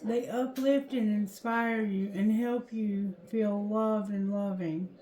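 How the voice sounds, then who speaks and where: A woman doing a tarot reading, reading card text aloud slowly and haltingly, correcting herself as she goes. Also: mid-range voice, fairly even intonation, mellow. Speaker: tarot reader. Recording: roomy echo.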